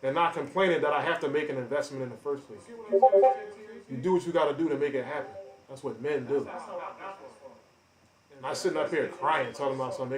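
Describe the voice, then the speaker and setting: A man ranting on a live stream, confrontational and boastful, calling out chat members by name with loud bursts and drawn-out emphasis. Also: medium pitch. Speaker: livestreamer. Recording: roomy echo.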